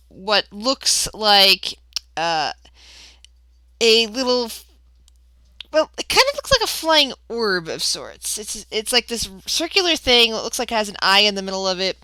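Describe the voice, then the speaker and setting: Woman game master, bright voice, dry sound, lots of uhs and restarts. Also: mid-range voice, clear, resonant tone, dry recording. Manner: halting, with many fillers and restarts. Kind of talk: narrating a tabletop game.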